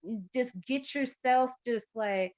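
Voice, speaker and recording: A woman's voice: on the high side, slow, a little mellow. A woman hosting a podcast in loose casual chat, rambling and swearing freely with lots of fillers. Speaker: podcast host. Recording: lo-fi muffled audio.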